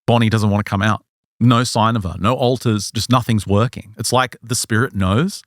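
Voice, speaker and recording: A male podcast host telling a story in casual chat, animated and acting out the people he quotes. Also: lowish voice, normal speed, no room sound, studio quality.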